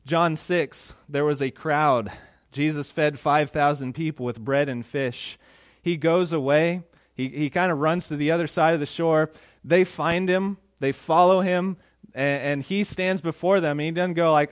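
A man preaching a sermon in a conversational, animated way, acting out quotes. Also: fairly high pitch, measured pace, no echo, studio quality. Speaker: pastor.

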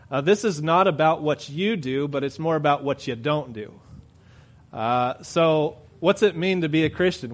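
A man's voice: on the high side, normal speed. A man preaching a conversational sermon, with frequent fillers and restarts.

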